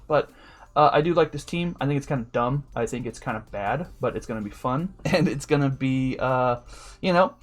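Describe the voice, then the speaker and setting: A man giving a casual, unscripted rundown of his team as a league coach, loose and profane with lots of fillers. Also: mid-range voice. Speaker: competitive Pokemon league coach.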